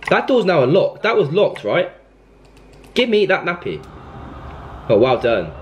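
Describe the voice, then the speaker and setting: Playing through a horror game, this young male YouTuber sounds fairly high-pitched and very animated, yet unhurried, pausing often. There's slight background noise as he panics in jumpy outbursts and scolds the game baby.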